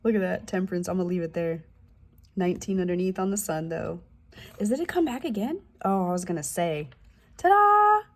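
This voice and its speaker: A woman's voice: fairly low pitch, animated, fast, dark tone. A woman giving a casual tarot reading, loose and profane, with slangy asides and the odd drop into a whisper. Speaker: tarot reader.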